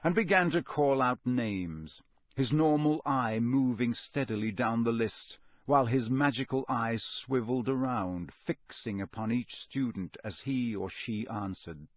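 A man narrating a novel aloud in a measured, expressive storytelling manner. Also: medium pitch, no echo. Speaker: audiobook narrator. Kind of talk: scripted narration.

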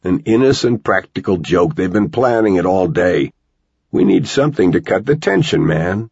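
A man's voice: low-pitched, expressive, normal speed, vocal fry, darkish tone, husky, dry recording, muffled recording, heavily acted. A man voicing a smug adult neighbor who brushes things off breezily. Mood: dismissive. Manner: breezy, dismissive.

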